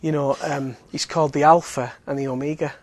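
A man's voice: on the high side, steady tone, a little fast, no echo. A man giving an evangelistic talk in a chatty style, full of fillers and joking asides. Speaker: Alpha course speaker.

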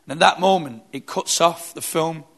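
Male preacher, gravelly, slightly high voice, emphatic repeating sermon style. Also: normal speed, fairly bright tone.

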